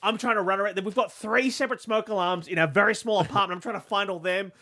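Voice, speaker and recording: A man's voice: high-pitched, fast talker, pushed and bright. A young Australian man co-hosting a podcast, telling a rambling, self-mocking story in casual comedic chat. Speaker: podcast co-host.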